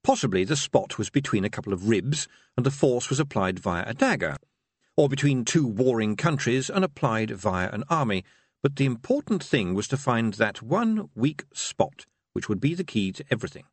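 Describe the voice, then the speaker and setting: A male narrator reading fiction with a wry, expressive touch. His pitch moves a great deal from line to line. The recording is dry and close, with no room sound. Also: moderate pace, husky, dry recording. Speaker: audiobook narrator. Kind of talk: scripted narration.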